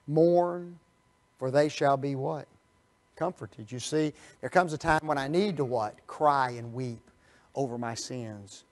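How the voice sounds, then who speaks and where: A man delivers a Bible study sermon in a somewhat high voice. He keeps asking his listeners questions and answering them himself. His delivery moves between soft asides and loud, emphatic peaks. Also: a little slow. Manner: animated, rhetorical questions to the audience; swings from quiet asides to loud emphatic bursts. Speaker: preacher.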